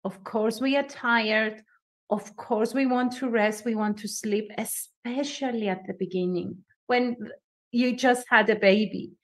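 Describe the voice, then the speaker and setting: A woman with a foreign accent, a bit high-pitched, talks slowly as a podcast guest. Her delivery is animated and emphatic. She repeats phrases for stress and laughs often. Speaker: guest coach. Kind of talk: podcast interview.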